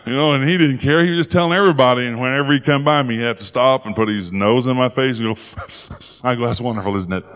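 A man's voice: on the high side, lo-fi sound. A man preaching a sermon, telling stories in a folksy, playful way. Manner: folksy storytelling, playful and animated.

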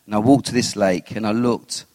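A man's voice: lowish voice, moderate pace, dry recording, big-room sound. Guy sharing his testimony, acts out his own lines, dry close sound. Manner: animated storyteller who acts out his own quotes. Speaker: interview guest. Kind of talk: personal faith testimony.

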